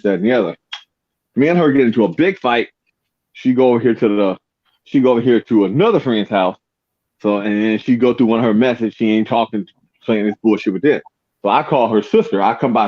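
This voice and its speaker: A man chatting casually and telling personal stories, acting out the voices of people in them. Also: on the low side. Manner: animated storyteller, acts out voices in the story. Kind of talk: casual chat, storytelling. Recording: dull lo-fi sound.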